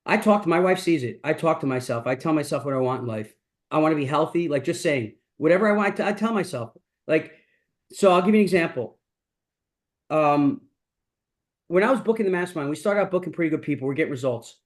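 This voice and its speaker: A man's voice: on the high side, lively intonation, brisk. A middle-aged man hosting a mastermind, giving a blunt, profane motivational talk that keeps returning to the same catchphrases. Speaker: mastermind host.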